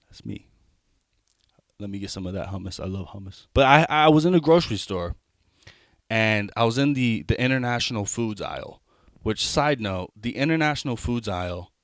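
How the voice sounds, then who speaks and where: A young adult man performs a stand-up comedy set, talking conversationally with rambling asides and frequent restarts. His voice is medium-pitched and a bit bright, captured in a dry, clean studio recording.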